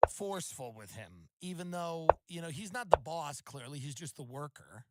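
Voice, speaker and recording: A man's voice: a little high, lively intonation, normal speed, hardly any pauses, very noisy. Sardonic man with mock outrage. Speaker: podcast host. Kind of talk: comedic monologue.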